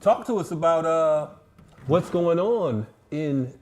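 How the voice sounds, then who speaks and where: A man's voice: on the high side, lively intonation, slow pace, darkish tone. Teasing male podcast co-host. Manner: teasing, joking banter. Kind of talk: casual podcast chat.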